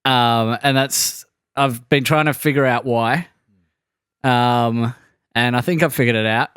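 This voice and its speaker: Man, smooth clear voice, mid pitch, easygoing storytelling, dry sound. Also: a little slow, fairly bright tone, dry recording. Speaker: podcast host. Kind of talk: casual chat.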